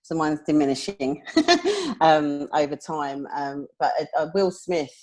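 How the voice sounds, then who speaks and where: A woman's voice: low-pitched, unhurried, a little mellow. A woman co-hosting a podcast in casual chat, talking candidly and reflectively and laughing often. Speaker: podcast co-host.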